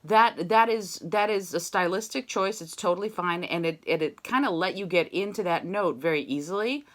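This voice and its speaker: A woman's voice: lowish voice, moderate pace. A woman voice teacher giving an online singing lesson over a video call, explaining technique and singing short demonstration syllables.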